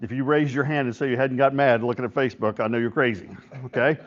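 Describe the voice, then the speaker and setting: A middle-aged male pastor with a mid-range, steady voice speaks quickly, giving an informal devotional talk at a men's breakfast in a church hall. He often checks in with listeners and retells stories using quoted voices. The recording is dull and lo-fi.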